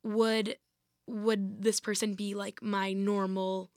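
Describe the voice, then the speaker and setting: A woman's voice: medium pitch, flat delivery, slow pace, dry recording, studio quality. A young woman, a former college athlete, telling her personal story in an interview in a casual way, with lots of "like" and restarts. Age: young adult. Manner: casual, heavy use of "like", many restarts.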